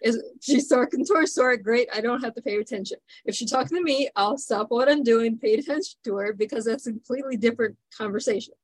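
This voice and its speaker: A woman's voice: a little high, quick pace, hardly any pauses, dry recording, low-quality recording. A middle-aged woman hosting a podcast interview. She is chatty and affirming with her guest. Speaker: podcast host. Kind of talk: casual interview chat.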